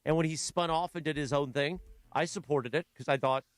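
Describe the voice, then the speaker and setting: A man's voice: fairly high pitch, steady tone, brisk, dry recording. A man co-hosting a radio show, explaining his view in a chatty, casual way. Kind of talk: casual sports radio chat. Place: radio studio.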